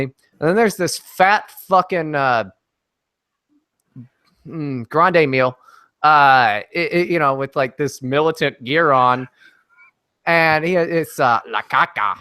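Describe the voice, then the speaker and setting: A man on as a guest in a casual podcast chat, telling a story in a brash, profane, animated way. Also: a little high, smooth, no echo.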